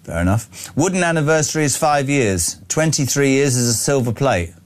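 A man's voice: mid-range voice, lively intonation, moderate pace. A middle-aged man hosting a breakfast radio show, chatty and opinionated as he reads out listener texts. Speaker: radio host. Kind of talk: breakfast radio talk and text reading.

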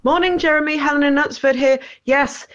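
A woman's voice: high-pitched, fairly even intonation, brisk, fairly bright tone, lo-fi sound. Chatty woman calling in to a radio show. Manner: chatty, wry, rambling. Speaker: caller. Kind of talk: phone-in opinion.

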